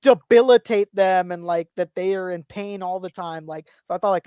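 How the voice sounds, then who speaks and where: A woman's voice: on the low side, moderate pace, few pauses, mellow, smooth, no room sound, studio quality. A woman hosting a casual podcast chat and reading out viewer comments. She rambles and repeats her phrases. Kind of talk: casual toy-collector chat.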